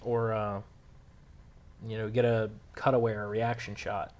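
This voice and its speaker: A man's voice: fairly low pitch, normal speed, lo-fi sound. Give me a man in a casual interview, rambling easygoing answers with fillers. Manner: relaxed storytelling with many fillers. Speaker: filmmaker interviewee.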